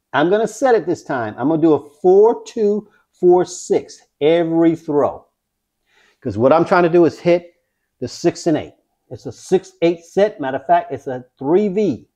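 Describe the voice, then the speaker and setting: A man vlogging his craps practice, talking viewers through each throw with excitement. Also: fairly high pitch. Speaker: dice-control craps vlogger. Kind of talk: casual play-by-play while throwing dice.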